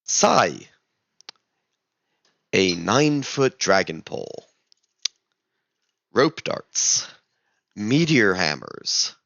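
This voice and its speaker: Male vlogger, very low and gravelly, lively storytelling, dull lo-fi dry sound. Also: drawn-out words, pauses often, no room sound. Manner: animated, exasperated storytelling. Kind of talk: casual storytelling vlog.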